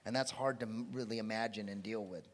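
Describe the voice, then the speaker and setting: A man's voice: lowish voice, quick pace. Preaching man in a reverberant church hall. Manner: preaching with sudden loud animated bursts. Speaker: pastor. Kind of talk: sermon. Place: church sanctuary.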